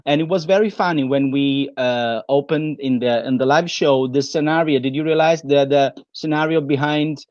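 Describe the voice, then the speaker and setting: A man's voice: mid-range voice, moderate pace, few pauses, darkish tone, no room sound, highs cut off. A man with an Italian accent, co-hosting a live stream and joking with the guest. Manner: laughing, joking. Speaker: co-host. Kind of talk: playful live-stream chat. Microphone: video call.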